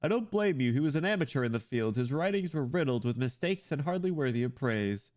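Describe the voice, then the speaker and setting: A man's voice: mid-range voice, expressive, a little fast, a little mellow, lightly acted. A man reading aloud as a learned, wistful pope who speaks formally. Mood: reflective. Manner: formal, reflective storytelling.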